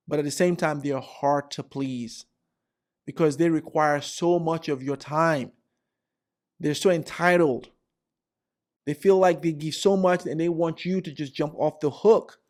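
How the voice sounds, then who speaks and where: A man's voice: fairly high pitch, a little mellow. A man in his forties giving workplace advice, telling stories and acting out coworkers with lots of repetition. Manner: repetitive, acts out characters. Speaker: career vlogger. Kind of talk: animated storytelling advice.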